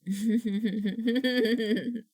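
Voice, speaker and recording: A woman's voice: a little high, steady tone, drawn-out words, darkish tone. A woman streamer chatting casually on a live stream, rambling and frustrated, sometimes slipping into goofy baby talk.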